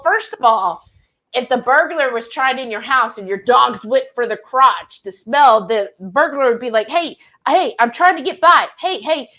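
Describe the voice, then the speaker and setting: A giggly woman with a high, fairly bright voice chats casually on a live-stream as host, reading comments and telling stories amid frequent laughter. The recording is rough.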